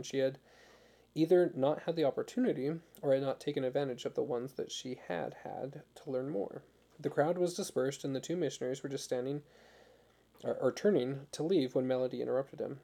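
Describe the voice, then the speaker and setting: Male audiobook narrator, measured and even, gravelly low voice.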